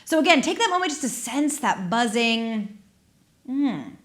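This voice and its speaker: A woman movement instructor guiding an exercise class on a dedicated microphone, gentle, playful and encouraging, with soft laughs. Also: a little high, very animated, a little slow. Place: studio.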